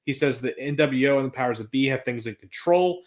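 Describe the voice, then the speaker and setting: A man's voice: medium pitch, fairly quick. A man co-hosting a podcast, recapping an old wrestling show in casual chat, reading out quotes and swearing freely. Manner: excitable, swears freely, reads out promo quotes.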